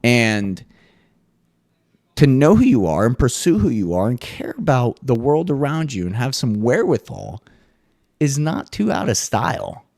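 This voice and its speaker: A man hosting a casual solo podcast monologue, swearing freely and jumping into high mock voices now and then. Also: big pitch swings, unhurried, gravelly, darkish tone, no room sound, clean studio sound. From US East Coast. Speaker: podcast host.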